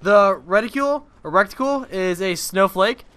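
A man's voice: high voice, animated, normal speed, fairly bright tone, smooth. A young man giving casual gameplay commentary on his own video, rambling and swearing freely. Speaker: gaming video creator.

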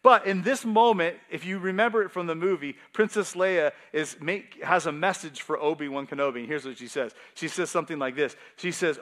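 A male pastor preaching a sermon in a conversational, animated way with casual asides. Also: a little high, brisk, hardly any pauses.

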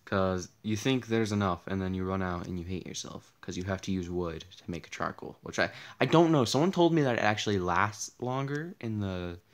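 A man's voice: low voice, animated, a little fast, hardly any pauses. A young man with a tired, partly lost voice, rambling through casual gameplay commentary, easily startled and joking at himself. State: losing his voice, tired. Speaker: gaming channel host. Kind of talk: casual Let's Play commentary.

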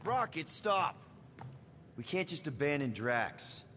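A man's voice: on the high side, very animated, slow pace, bright, forceful tone, a little hiss or hum, full character voice. An actor voicing an earnest, insistent male team leader in a video game, loyal to his friends.

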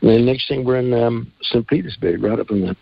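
Gravelly Kiwi singer spinning yarns. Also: male voice, mid-range voice, fairly quick, no room sound, highs cut off. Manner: rambling, earthy, laughs while telling stories. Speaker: singer-songwriter guest. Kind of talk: casual radio interview storytelling.

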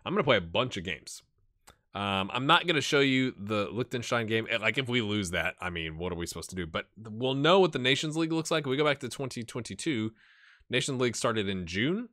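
A man's voice: medium pitch, animated, fairly quick, sharp tone. A man hosting a casual let's-play video, chatting and rambling to his viewers as he plays. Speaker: gaming channel host.

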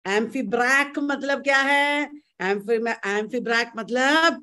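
An Indian woman coaching students through exam questions on a live stream. She speaks slowly in a slightly high voice, quizzing her listeners, drilling terms aloud and dropping Hindi words in between. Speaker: teacher. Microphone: live stream mic.

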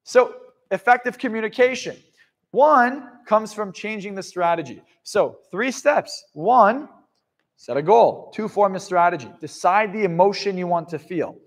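A man with a high voice works a seminar crowd, blunt and full of swearing. He shifts between shouted bursts and quiet, confiding remarks as he drives his points home. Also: expressive, a little slow. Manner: blunt, profane, swings from loud to hushed. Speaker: motivational speaker. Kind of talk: live motivational seminar talk.

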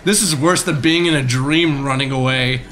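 A man's voice: mid-range voice, moderate pace, a bit bright, a little hiss or hum. A man co-hosting a let's play, chatting casually, laughing often and swearing freely as he reacts to the game. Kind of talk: casual gaming banter.

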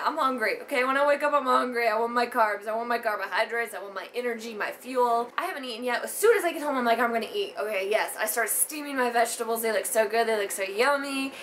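A young woman vlogs to the camera, her voice sitting a little high as she rattles through her day. She tells it with exasperated, profane energy. A faint hiss of noise sits under the recording. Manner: animated, profane, exasperated storytelling. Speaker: vlogger. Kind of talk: casual storytime vlog.

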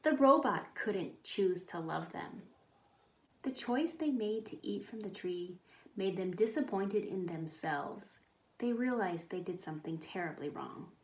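A woman leads a children's Bible lesson, patient and kindly, explaining things step by step and stopping to ask questions. Her voice sits at an ordinary pitch. The recording is roomy and echoey. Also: animated, a little slow. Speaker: children's church teacher. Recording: echoey room.

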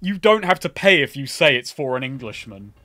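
Dry self-deprecating streamer. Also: male voice, medium pitch, big pitch swings, fairly quick, pushed and bright, no echo. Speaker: streamer host. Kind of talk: casual stream chat.

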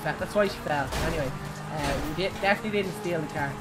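A young Irish woman giving excitable, giggly live commentary while playing a driving game, shrieking at her crashes. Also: low voice, fast talker. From Ireland. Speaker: game streamer. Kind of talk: live gaming stream commentary.

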